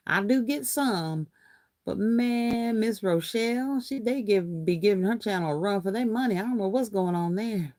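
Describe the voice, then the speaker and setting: A woman's voice: medium pitch, lively intonation, moderate pace, darkish tone, dry recording. A woman hosting a casual crafting livestream. She reads viewer comments aloud and greets viewers by name in a chatty, folksy way, laughing often.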